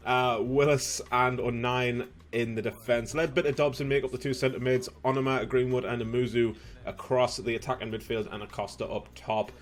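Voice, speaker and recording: A young man commentating his own football video game, slightly hoarse, bursting into shouts and laughter at goals. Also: medium pitch, normal speed. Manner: excitable, shouts at goals, casual swearing. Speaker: gaming youtuber.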